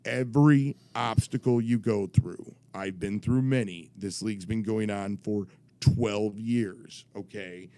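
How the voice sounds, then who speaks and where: Low-voiced man telling a wild story. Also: slow pace, no room sound. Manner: animated, profane, many restarts. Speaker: podcast co-host. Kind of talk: casual storytelling.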